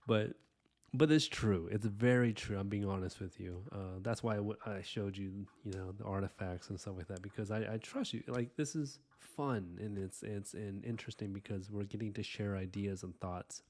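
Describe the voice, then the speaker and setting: A man hosting an art live stream, chatting casually and earnestly with viewers while he inks, full of fillers and soft asides. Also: on the low side, steady tone, moderate pace. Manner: earnest, rambling, warm-hearted thanks to viewers. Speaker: live-stream artist host.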